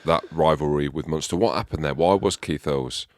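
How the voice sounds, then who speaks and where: Very deep-voiced host, dry sound. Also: male voice, moderate pace, no room sound. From Scotland. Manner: easygoing, reads out listener questions. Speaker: podcast host, former rugby player. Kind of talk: casual chat.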